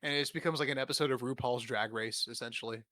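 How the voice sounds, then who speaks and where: A man's voice: medium pitch, steady tone, fast talker, sharp tone, no room sound. Rambling, profane young man, dry close mic. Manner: rambling, profane, laughing often. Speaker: podcast host. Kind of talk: casual comedic riffing.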